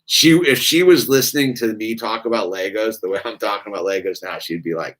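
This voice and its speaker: A man's voice: fairly low pitch, a little fast, few pauses, fairly bright tone. A middle-aged man, chatting casually and rambling while building Legos, saying "dude" a lot. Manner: laid-back, rambling, says "dude" a lot. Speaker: vlogger.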